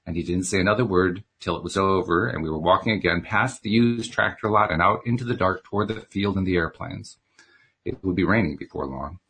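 A man's voice: low voice, fairly quick, a bit bright, a little hiss or hum. A man reading a novel aloud chapter by chapter, breaking off for chatty asides. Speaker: reader.

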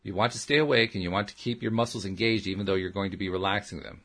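A man voicing a calm, patient female counselor who gives slow, soothing instructions in an audiobook. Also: on the low side. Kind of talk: audiobook character reading.

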